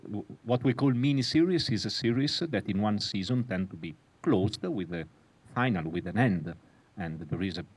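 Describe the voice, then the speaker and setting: Low, husky man moderating a panel. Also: expressive, normal speed. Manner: brief, reassuring answers with light laughs. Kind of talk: panel discussion.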